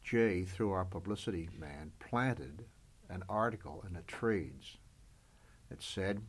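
A man in an interview, telling lively stories about his voice work. His pitch sits in the middle of the range but moves a great deal, and he breaks into laughter often. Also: takes it slowly, husky. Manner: animated, laughing storyteller. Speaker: interview guest, voice performer. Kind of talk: anecdotal interview storytelling.

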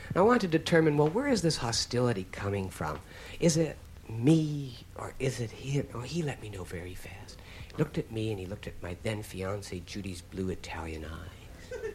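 A man in his thirties from Canada performing a stand-up comedy monologue, telling wry stories that build to sudden loud punchlines. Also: fairly low pitch, expressive, moderate pace. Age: 30s. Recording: noisy live comedy recording.

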